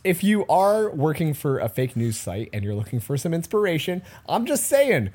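A man's voice: fairly high pitch, big pitch swings, moderate pace, a little mellow. A man hosting a casual comedy podcast, joking and laughing with sarcastic asides. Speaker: podcast host.

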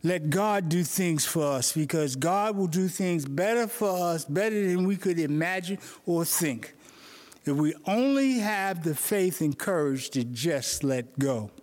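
A man's voice: on the high side, animated, measured pace, a little mellow. A male pastor preaching an earnest morning sermon, telling stories to make his points.

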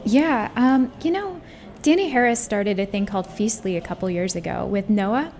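A woman's voice: mid-range voice, normal speed, darkish tone. A woman, a guest on a radio show, talking in an earnest, thoughtful way with many fillers. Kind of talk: casual interview.

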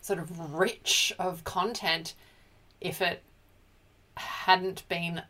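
A woman's voice: lowish voice, fairly even intonation, extremely slow, bright, forceful tone. A woman co-hosting a casual pop culture chat, emotional and chatty, often restarting her sentences. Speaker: podcast co-host.

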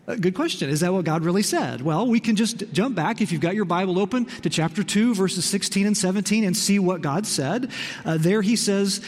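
High, lively preaching man in a hall. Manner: expressive, emphatic preaching with slowed key phrases. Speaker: pastor. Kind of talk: sermon. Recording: long reverb in a large hall.

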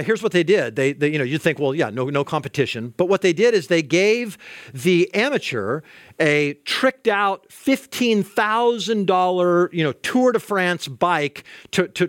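A male pastor preaching a sermon in an animated way, acting out quoted voices and often repeating words as he starts a sentence. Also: high-pitched, dry recording, clean studio sound.

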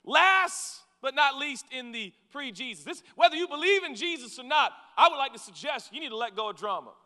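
A man pastor preaching a sermon in an animated, conversational way, with asides to the crowd. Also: very high voice, fairly quick, long reverb tail.

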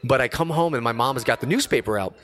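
A man in his forties, a radio host, telling a story in casual podcast chat, slangy and lively, acting out quoted voices. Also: mid-range voice, fast.

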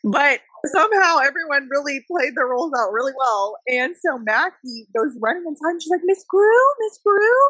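High bright-voiced young woman storyteller. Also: a little fast, few pauses, no room sound. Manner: animated, lots of "like", laughs often. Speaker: podcast guest. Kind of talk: casual storytelling chat.

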